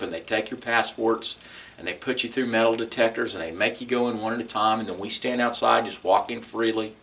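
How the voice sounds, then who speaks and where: A man with a Texan accent and a lowish, sharp-toned voice sits far from the mic. In an oral history interview he recounts his experiences conversationally, restarting sentences and acting out what people said.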